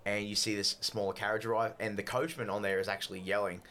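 A man's voice: lowish voice, little pitch movement, fast, bright, forceful tone. A man narrating a tabletop game as game master, slipping into character voices.

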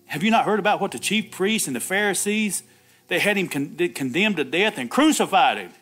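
A man's voice: sits high, expressive, fairly quick, fairly bright tone, faint music behind. A man preaching an Easter sermon, laughing often, calling out "Amen" and acting out the Bible dialogue himself. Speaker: pastor.

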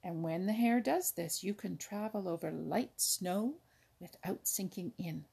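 Old Mother Nature, read by a husky woman. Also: on the low side, unhurried, full character voice. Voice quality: husky, creaky. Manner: patient, teacherly, now and then sharp. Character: wise, kindly but firm old Mother Nature. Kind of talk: storybook reading.

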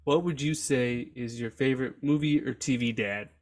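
A young dad hosting a podcast, relaxed and quick to laugh in casual interview chat. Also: male voice, mid-range voice. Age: young adult. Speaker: podcast host.

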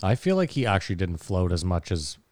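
A man's voice: low-pitched, big pitch swings, a little fast, a little mellow, a little hiss or hum. A man co-hosting a podcast in casual chat, riffing and rambling jokily. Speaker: podcast co-host.

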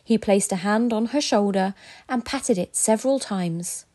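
Woman storyteller, children's tale narration, gentle and expressive. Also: mid-range voice, a little slow.

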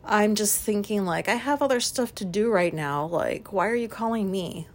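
A woman hosting a solo podcast, talking frankly and questioning herself, swearing freely and filling pauses with likes and ums. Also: mid-range voice, expressive. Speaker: podcast host. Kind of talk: candid solo podcast monologue.

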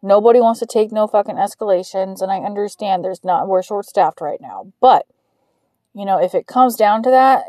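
A frustrated woman vents in a podcast monologue and swears constantly. Her voice is mellow and dark, in the middle of the range for a woman. The sound is dry and close. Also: medium pitch, no room sound. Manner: frustrated, heavy swearing, ranting. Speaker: podcast host. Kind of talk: venting monologue.

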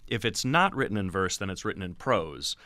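Bright, deep-voiced man explaining theatre. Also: sing-song, brisk, dry recording. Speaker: theatre director and acting teacher. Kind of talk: interview answers.

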